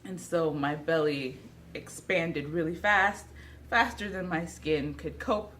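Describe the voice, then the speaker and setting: A woman's voice: sits low, a little hiss or hum. A young pregnant woman chatting casually to camera in a vlog, a little out of breath and self-deprecating. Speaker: vlogger. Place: at home indoors.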